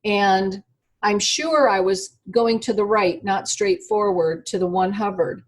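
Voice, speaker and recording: A woman guest on an internet call tells a personal story in her mid-range voice, animated yet halting, with frequent fillers and restarts throughout.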